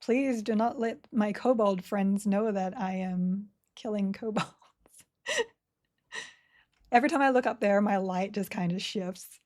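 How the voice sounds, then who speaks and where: Aussie lady streaming a game, slow easy chatter, words kinda blur together, giggles a lot. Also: mid-range voice, a little mellow. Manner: chatty, laughs often, reads chat aloud; talks slowly, words run together. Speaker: streamer playing an online game. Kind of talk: casual live-stream chat.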